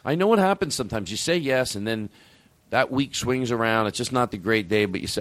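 Brief: male comedy podcast host, middle pitch, lively swooping delivery, rambling and profane, dry close sound. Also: brisk, no room sound. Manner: rambling, profane, excitable storytelling. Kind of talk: casual comedy podcast chat.

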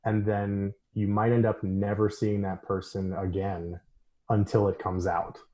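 A man co-hosting a podcast in casual chat, animated and laughing often, full of fillers. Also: on the low side, measured pace, muffled recording. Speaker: podcast co-host.

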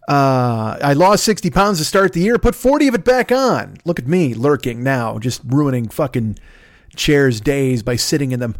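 Middle-aged male podcast comic, crude and self-mocking, high voice that rambles up and down. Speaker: podcast host. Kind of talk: comedic monologue. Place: home.

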